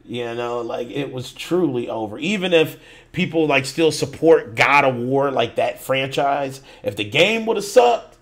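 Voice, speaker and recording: A man hosting a gaming podcast, talking loosely with swearing and drawn-out phrases. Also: medium pitch, animated. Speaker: podcast host. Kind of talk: casual chat.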